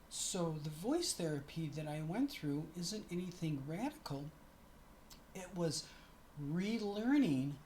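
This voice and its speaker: A woman's voice: on the low side, darkish tone, slight background noise. A middle-aged woman chatting to camera in a casual vlog, often stopping to correct herself. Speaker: vlogger.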